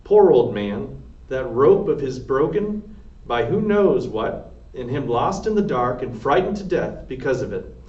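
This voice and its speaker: A man voicing a distraught, ferocious woman cook in a read-aloud storybook, with loud, high-pitched wailing outbursts. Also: big pitch swings, unhurried. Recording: roomy, distant, dull lo-fi sound.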